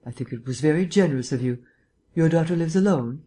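An audiobook reader voicing an urbane, erudite gentleman detective who lectures in a polished, lightly teasing way. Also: mid-range voice, brisk, close to an everyday voice. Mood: gently chiding. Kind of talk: audiobook reading.

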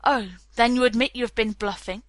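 A woman's voice: fairly high pitch, fairly even intonation, brisk, dry recording, natural voice. A woman reading the part of a haughty, imperious middle-aged naval captain, stiff and formal. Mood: cutting.

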